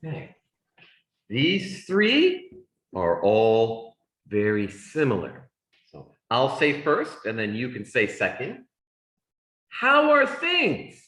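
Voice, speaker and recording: A man teaching an English class, speaking slowly and deliberately for students. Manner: slow, deliberate speech with lively pitch swings. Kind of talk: classroom lesson. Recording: echoey classroom sound.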